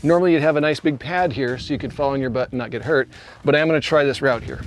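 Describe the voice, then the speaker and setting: A man co-hosting a travel show, joking and excitable as he hikes and climbs outdoors. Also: fast talker, faint music behind. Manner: joking, excitable, voice jumps high when climbing. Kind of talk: casual outdoor banter. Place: outdoors in a state park.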